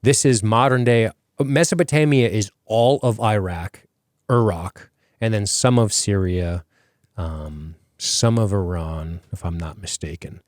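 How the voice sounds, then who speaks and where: Man, podcast host, low voice, dry close sound, rambling casual talk, swears. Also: a little slow, a little mellow, dry recording.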